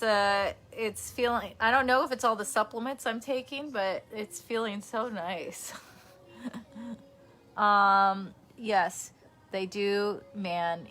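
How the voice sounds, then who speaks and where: Bright-voiced chatty woman streamer. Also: mid-range voice. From New York. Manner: chatty and rambling, laughs often. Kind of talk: casual livestream chat reading comments. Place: her bedroom by a heater.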